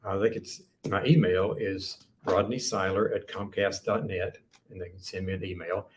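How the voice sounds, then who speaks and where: Very low male guest, middle tennessee drawl, unhurried and hesitant, faint background hiss. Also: fairly even intonation. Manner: slow, easygoing, hesitant. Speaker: guest author. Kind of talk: casual interview chat.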